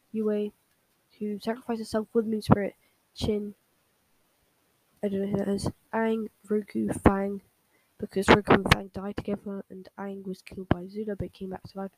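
A woman's voice: mid-range voice, noisy background. A young woman talking casually to her viewers and rambling with many fillers and restarts. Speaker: fan video host. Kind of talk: casual talk and reading fan fiction aloud.

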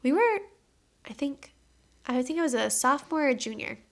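A woman's voice: sits high, animated, moderate pace. A young woman telling stories in casual podcast chat, peppering her talk with "like" and "literally". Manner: chatty storyteller, fillers like "like" and "literally".

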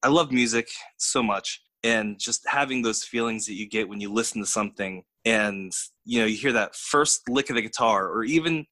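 A lowish, bright and forceful male voice, co-hosting a podcast and chatting casually with eager enthusiasm. The sound is dry and close. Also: no echo. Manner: enthusiastic, gushing about music. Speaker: podcast co-host. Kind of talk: casual chat.

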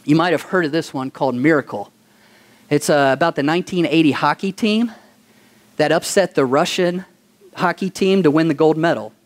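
A pastor preaching a sermon, asking the congregation questions for call-and-response and telling stories with animation. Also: male voice, a little high, moderate pace. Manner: animated storytelling.

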